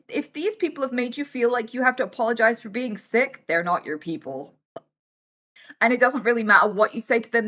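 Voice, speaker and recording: A woman's voice: fairly high pitch, pushed and bright. A young woman streaming live and giving blunt, sweary advice to her chat, often acting out the people she quotes.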